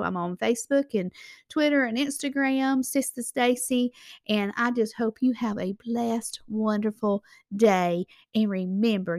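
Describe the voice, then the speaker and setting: An earnest woman delivers a devotional sermon, encouraging her listeners and reading scripture aloud. Her voice sits at a middle pitch. The recording is dry, with no room echo. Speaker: Christian ministry host.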